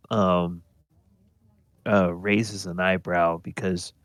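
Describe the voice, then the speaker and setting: A man running a tabletop game as dungeon master, narrating in a relaxed, unhurried way with many fillers. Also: low voice, gravelly, no room sound.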